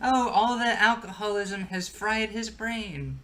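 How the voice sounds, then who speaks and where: A woman reviewing a movie in casual chat, laid-back and quick to agree. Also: mid-range voice, bright, forceful tone.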